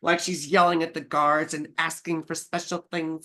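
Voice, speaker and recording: A woman's voice: deep voice, level tone, normal speed, fairly bright tone. A woman astrologer giving a casual live-stream reading. She talks in a rambling, chatty way and swears freely.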